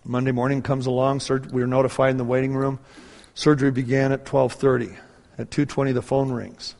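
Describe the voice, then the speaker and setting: Gravelly middle-aged preacher in a hall. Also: male voice, medium pitch, fairly quick. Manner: animated storyteller acting out dialogue. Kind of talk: personal testimony sermon. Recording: reverberant hall.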